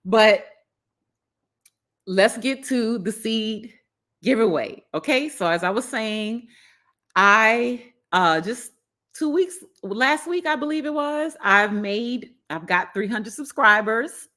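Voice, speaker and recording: A woman with a Southern US accent hosting a casual gardening livestream, warm and effusive, repeating her thanks. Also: a little high, expressive, slow pace. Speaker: gardening channel host.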